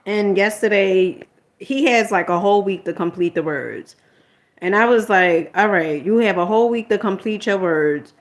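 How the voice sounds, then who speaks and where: Exasperated middle-aged mom vlogging. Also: female voice, medium pitch, moderate pace. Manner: rambling and candid, retells arguments and quotes herself; exasperated motherly lecturing tone. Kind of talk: casual personal storytelling.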